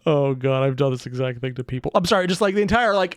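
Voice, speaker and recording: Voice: medium pitch, racing, few pauses, clear, resonant tone, dry recording. A host giving casual reaction commentary to an audio drama, chatty and often poking fun at themselves. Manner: chatty and self-mocking, with frequent likes and asides.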